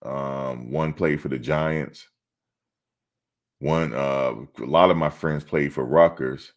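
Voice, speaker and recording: A middle-aged man with an extremely deep, low voice hosts a sports live stream. He talks casually and bluntly, answering his chat in a streetwise way. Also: steady tone, slow. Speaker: sports channel host.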